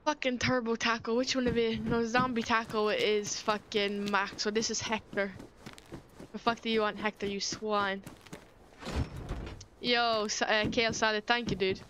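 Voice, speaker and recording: A woman's voice: fairly high pitch, level tone, normal speed, noisy background. An Irish woman streaming a game, chatting casually, swearing freely and often restarting her sentences. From Ireland.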